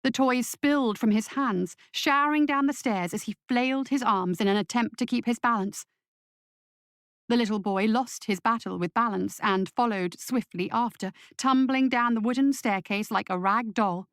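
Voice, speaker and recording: A woman narrating a scripted story in a measured, clear way. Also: a little high, no room sound, clean studio sound. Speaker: audiobook narrator.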